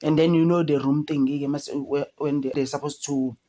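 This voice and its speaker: A woman with a South African accent giving casual commentary as an entertainment vlogger. She talks in an animated way and mixes English with Zulu. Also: sits low, moderate pace. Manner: chatty, switches between English and Zulu; animated, mimics people in a raised voice.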